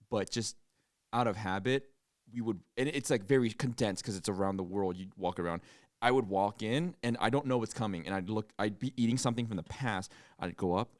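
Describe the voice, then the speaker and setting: A man co-hosting a podcast, telling stories in casual chat with animated, jokey delivery and quick silly impressions. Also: no echo, clean studio sound. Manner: animated storytelling, bursts into silly high impressions. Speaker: podcast co-host.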